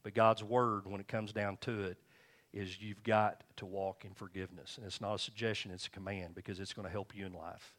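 A man with a fairly low voice preaches a sermon in a relaxed, conversational way. He drifts between scripture reading and stories from his own marriage, chuckling as he goes. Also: brisk. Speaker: pastor. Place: church.

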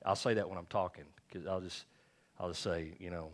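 Folksy preaching pastor, low voice. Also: male voice, fairly even intonation, normal speed. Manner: folksy, joking asides to the congregation; calls for amens from the crowd. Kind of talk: sermon.

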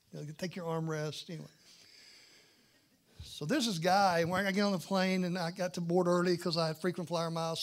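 A man with a fairly high voice preaches by telling a story about himself, poking fun at himself along the way. He is animated and acts out both sides of the conversation. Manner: animated, self-mocking, acts out dialogue. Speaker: pastor. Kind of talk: storytelling sermon.

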